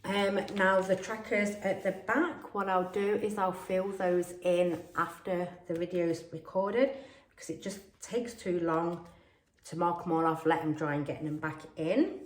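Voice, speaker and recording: A woman from Australia talks casually to her camera about budgeting, her voice croaky from illness and pitched a little low. She rambles with plenty of fillers. The sound bounces around an echoey room. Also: steady tone, a little slow. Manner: chatty and rambling, many fillers. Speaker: budgeting vlogger.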